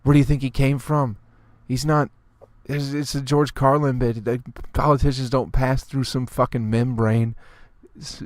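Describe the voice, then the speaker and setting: A man's voice: medium pitch, darkish tone, no echo. A man hosting a solo comedy podcast, ranting with constant profanity and exasperation, now and then mimicking people in a snooty clipped voice. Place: on tour, recording alone.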